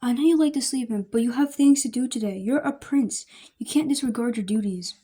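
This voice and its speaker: Patient royal wife, coaxing, warm high voice, read by a woman. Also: a little fast, husky. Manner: coaxing, gently pleading.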